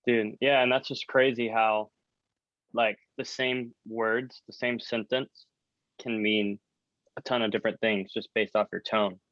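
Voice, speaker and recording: Guy agreeing along, low monotone, trails off w fillers, muffled lo-fi audio. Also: a little slow, no room sound. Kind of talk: casual chat. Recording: dull lo-fi audio.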